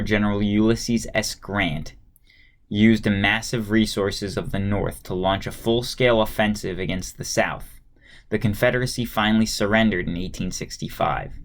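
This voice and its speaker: A man with a fairly low voice reads a history textbook aloud in a plain, steady way. He breaks off now and then for a relaxed aside to the listener, and he sometimes trips over a word and starts it again. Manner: plain steady read-aloud, occasional stumbles and restarts.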